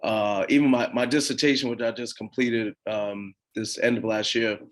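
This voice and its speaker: A man who is a professor answers a question on a panel, speaking in a measured way with frequent pauses and filler words. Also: on the low side, fairly even intonation.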